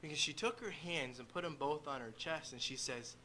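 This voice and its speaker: A man sharing a gentle story about his young daughter during a church service. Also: on the high side, animated, brisk, slight background noise, low-quality recording. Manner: storytelling, gentle, quoting a child. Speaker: father baptizing his daughter. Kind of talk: church testimony and baptism. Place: church baptistry.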